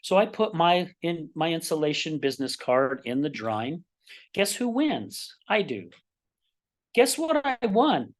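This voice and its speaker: A middle-aged man from Utah, a podcast guest, telling personal stories in a lively way and acting out the dialogue. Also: fairly high pitch, a little slow. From Utah, United States. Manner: animated, acts out quoted dialogue in his stories. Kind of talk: personal storytelling in a podcast interview.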